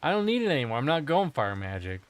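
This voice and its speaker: A man's voice: medium pitch, big pitch swings, quick pace. Man joking through casual game commentary. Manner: joking, profane, rambling. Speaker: game streamer.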